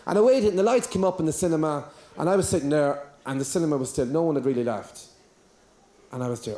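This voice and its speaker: A man doing a stand-up routine, telling a long story in a deadpan style. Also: mid-range voice, fast, a little hiss or hum. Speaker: stand-up comedian.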